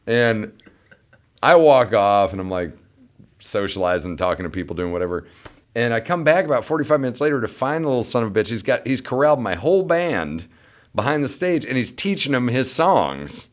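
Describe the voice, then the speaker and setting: A man's voice: medium pitch, fairly quick. A man in his thirties, a bandleader, telling a casual, profane story among friends and acting out the voices in it. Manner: animated, profane, acts out quoted voices. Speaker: bandleader and musician.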